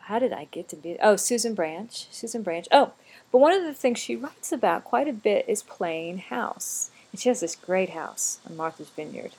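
Middle-aged woman, husky voice, chatty and digressive, casual monologue, faint crickets behind. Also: mid-range voice, animated, normal speed, darkish tone. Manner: chatty, digressive, with frequent laughs and asides.

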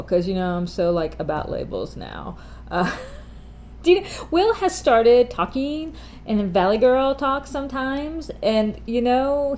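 A middle-aged woman talks to her listeners in a loose, chatty way, drifting off topic and catching her own slips with a laugh. Her pitch sits in an ordinary middle range. A faint hiss runs under the recording. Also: darkish tone. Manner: chatty, rambling, self-correcting, laughs at herself. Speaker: podcast host. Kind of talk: casual chat.

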